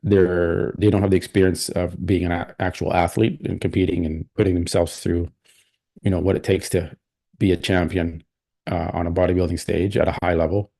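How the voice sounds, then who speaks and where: Low, dark-voiced male stream host. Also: little pitch movement, moderate pace, gravelly. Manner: rambling and opinionated, many restarts. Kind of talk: casual live stream commentary.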